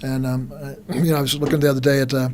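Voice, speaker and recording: A man hosting an interview, reflective, often repeating words and clearing his throat. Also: mid-range voice, little pitch movement, racing, a little mellow. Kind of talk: conversational interview.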